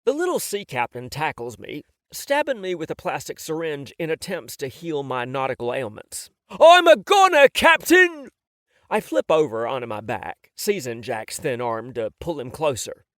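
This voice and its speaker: Lively, wry male audiobook narrator. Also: mid-range voice, moderate pace, hardly any pauses, no room sound, clean studio sound. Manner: wry, animated and self-mocking. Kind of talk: first-person novel narration.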